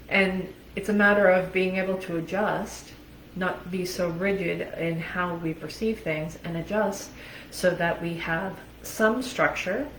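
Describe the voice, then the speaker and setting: A woman's voice: fairly low pitch, roomy sound, a little hiss or hum, poor audio. A woman life coach giving a casual motivational talk, chatty and candid, laughing often and swearing casually.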